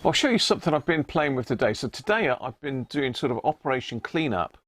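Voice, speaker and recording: A man's voice: mid-range voice, very animated, fast talker, a bit bright. A man hosting a casual live stream about restoring an old radio, chatty and greeting viewers by name as he works.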